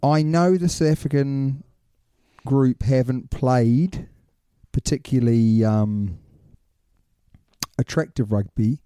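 A man's voice: mid-range voice, takes it slowly, long pauses, warm tone, clear, resonant tone, no room sound, studio quality. A man co-hosting a sports podcast in casual chat, teasing and laughing often. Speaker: podcast co-host.

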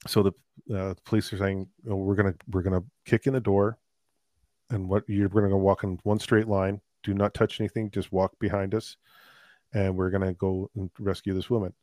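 Low-voiced man telling a paramedic story. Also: a little fast, no echo. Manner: animated, laughing anecdotes with filler words. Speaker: paramedic guest. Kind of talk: casual storytelling.

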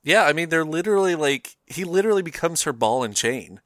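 On a podcast, a male co-host with a high-leaning, slightly bright voice and lively intonation chats a little fast about films. He rambles with plenty of fillers and laughs often, over a faint hiss or hum.

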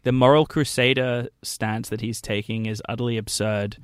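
A man speaks on a radio panel with a blunt, argumentative edge. His voice sits at an ordinary pitch. The recording is close and dry. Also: fairly even intonation, moderate pace, smooth, dry recording.

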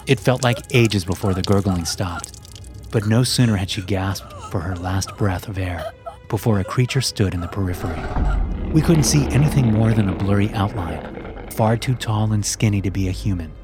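Man, horror story narrator, lowish voice, steady delivery, loud music bed. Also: normal speed.

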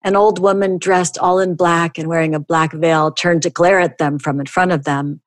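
A middle-aged woman hosting a podcast, reading a comic story aloud with animated storytelling and sudden high jumps for dialogue. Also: moderate pace, dry recording. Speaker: podcast host.

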